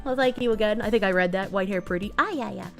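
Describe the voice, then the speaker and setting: A woman streamer chatting casually with her viewers, thanking donors and swearing freely between quick laughs. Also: mid-range voice, vocal fry, a bit bright, soft background music. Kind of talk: casual livestream chat, reading donations.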